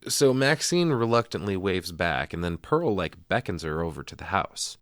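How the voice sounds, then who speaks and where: A man's voice: sits low, animated, fairly bright tone, dry recording, studio quality. A man co-hosting a podcast, talking casually and crudely through a movie scene by scene. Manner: crude, joking, quick asides. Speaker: podcast co-host. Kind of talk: casual movie breakdown chat.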